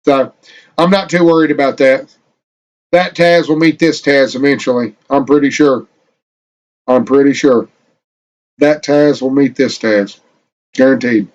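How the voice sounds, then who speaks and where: A man's voice: medium pitch, a little slow, long pauses. A man streaming a game live, chatting casually and rambling to himself with plenty of profanity while he sets up.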